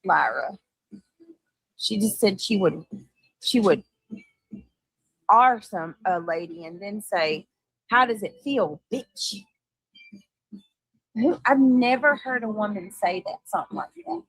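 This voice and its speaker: A woman co-host speaks in an unhurried way with a mocking edge. She greets chat viewers between her comments, and the sound is close and dry. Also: medium pitch, lively intonation, slightly rough, no echo, low-quality recording. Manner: sarcastic, reads out chat names. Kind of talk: casual chat.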